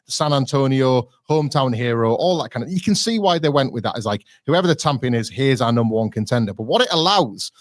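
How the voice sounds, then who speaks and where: Wry chatty podcast host. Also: male voice, mid-range voice, expressive, fast talker, few pauses, no room sound, studio quality. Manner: chatty, wry, digressive retelling. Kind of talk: casual podcast review.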